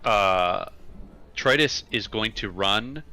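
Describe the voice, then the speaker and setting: A man's voice: fairly low pitch, animated, slow, pushed and bright, faint music behind. A man playing a tabletop role-playing game, describing his character's actions in a casual, hesitant way with lots of fillers. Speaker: player.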